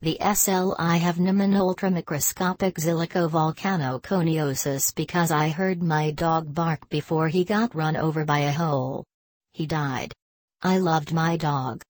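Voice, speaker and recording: A woman with a notably low voice reads a written text aloud, flat and deadpan, even saying the punctuation marks. The sound is close and dry, with no room around it. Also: measured pace, dry recording.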